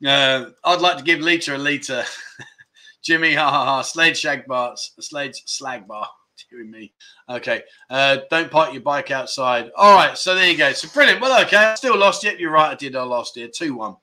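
A man's voice: a little high, animated, moderate pace, pushed and bright. A man hosting a casual livestream, chatting and joking as he reads out viewer comments, often laughing at his own jokes. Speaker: livestream host.

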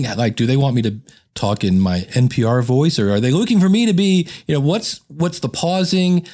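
A man who hosts the podcast and does voiceover work, talking casually and thinking aloud. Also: a little high. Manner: relaxed, chatty, thinks aloud with restarts. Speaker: podcast host and voiceover artist.

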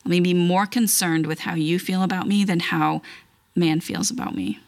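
A woman with a somewhat low voice reads scripture aloud and then prays, in an earnest, measured way. Her tone carries a noticeable gravelly fry. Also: steady tone. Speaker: scripture reader leading prayer. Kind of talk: Bible reading and spoken prayer.

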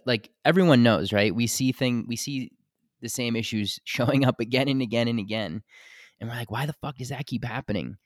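Podcast host, male, low voice, dry close sound, candid and loose, swears freely. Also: no echo. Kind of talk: casual conversation.

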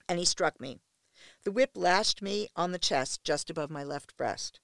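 Gravelly woman reading an erotic story. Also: lowish voice, a little slow, no room sound. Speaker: audiobook narrator. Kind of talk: first-person erotic story narration.

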